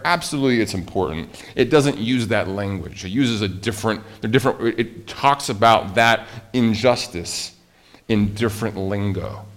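A man's voice: fairly low pitch, expressive, moderate pace, fairly bright tone. Conversational male pastor preaching a sermon. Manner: conversational, poses rhetorical questions to the congregation.

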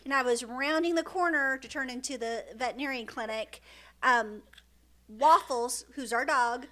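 A woman's voice: high voice, moderate pace, sharp tone. A middle-aged woman, a mother and podcast co-host, telling a funny story in casual chat and often laughing.

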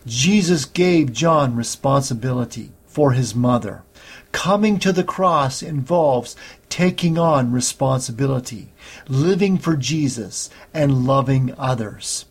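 A man preaching a sermon, teaching slowly and steadily through Bible passages. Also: mid-range voice, lively intonation, slightly rough. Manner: slow, measured Bible teaching with scripture readings.

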